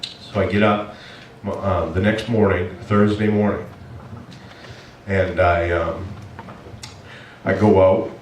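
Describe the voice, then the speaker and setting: Pastor telling a story from far off. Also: male voice, low voice, takes it slowly, a little hiss or hum. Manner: animated, self-mocking, acts out his own complaints. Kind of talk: storytelling sermon. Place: church hall. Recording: echoey room from far off.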